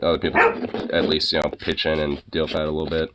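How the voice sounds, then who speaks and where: A man's voice: rumbling low, monotone, fast talker, fairly bright tone. A man chatting casually to the camera about his dog, laid-back and profane, often chuckling. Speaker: vlogger filming his dog. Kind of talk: casual chat.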